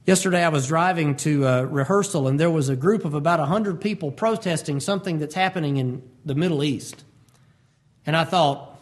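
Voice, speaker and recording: Male preacher, high voice, lively storytelling delivery, reads scripture then explains it. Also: a little fast. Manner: animated, acts out voices and quotes. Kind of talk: expository sermon.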